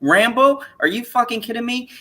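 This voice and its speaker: Man in his thirties, stream host, casual chat, animated, profane. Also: very high voice, moderate pace. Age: 30s. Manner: animated, profane, laughs a lot.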